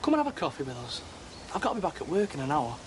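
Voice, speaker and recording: Brief: a wheedling, pushy man coaxing someone back, lively pitch, noisy TV drama audio. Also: rapid-fire. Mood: insistent. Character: smooth, pushy man luring back a lost friend. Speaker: persuasive former associate.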